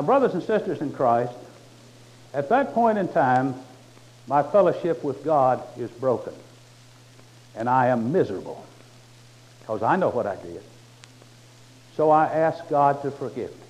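A man's voice: medium pitch, darkish tone. A man preaching a sermon in a folksy, conversational way with touches of humor. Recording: muffled lo-fi recording.

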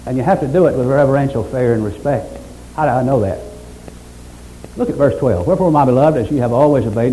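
A man preaching a sermon as pastor, building from steady teaching to fervent exhortation. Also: medium pitch, a little hiss or hum, poor audio.

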